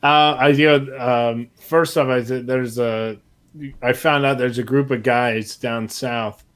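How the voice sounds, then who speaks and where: Man, from New York, comedian co-host, self-deprecating, joke-telling, mid pitch. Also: fairly even intonation, slow, a bit bright. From New York City. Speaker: stand-up comedian, guest co-host. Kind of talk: casual podcast chat.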